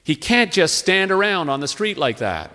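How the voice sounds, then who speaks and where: A man's voice: sits high, sing-song, normal speed, bright, forceful tone, full character voice. A man voicing an exasperated middle-aged shop owner who complains. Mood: fretful. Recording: long hall reverb.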